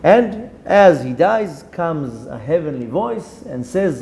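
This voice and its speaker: A man, a rabbi giving a Torah lesson, telling a story with animated delivery, dropping in Hebrew terms and restarting his sentences. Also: fairly high pitch, slow, creaky, few pauses. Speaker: rabbi teaching a Torah class.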